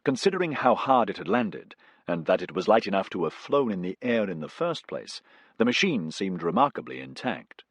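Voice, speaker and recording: A man reading a science fiction audiobook as narrator, in a measured storytelling manner. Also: on the low side, husky, no echo. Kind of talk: scripted narration.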